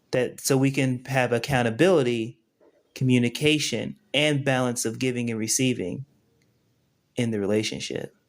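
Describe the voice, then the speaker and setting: A man giving a casual live-stream tutorial, talking viewers through each step and often checking that they follow along. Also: mid-range voice. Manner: conversational, keeps checking in with viewers. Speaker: spiritual teacher.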